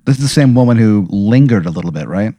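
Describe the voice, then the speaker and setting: Lively man chiming in with wry reactions. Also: lowish voice, fast, no echo. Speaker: podcast co-host. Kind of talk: casual chat.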